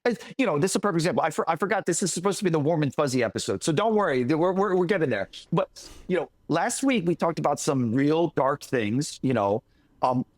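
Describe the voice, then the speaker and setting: A man's voice: on the high side, animated, quick pace, no echo. A man co-hosting a podcast in casual chat, telling a story in a rambling way with restarts. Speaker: podcast co-host.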